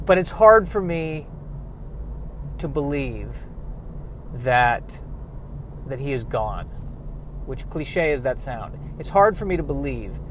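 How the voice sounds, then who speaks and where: A grieving man talking through a reflective personal monologue, halting and rambling, with self-deprecating asides. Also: mid-range voice, animated, slight background noise.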